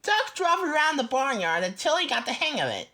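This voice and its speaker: A woman reading a children's picture book aloud slowly and expressively, with small stumbles. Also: high voice, very animated, noisy background.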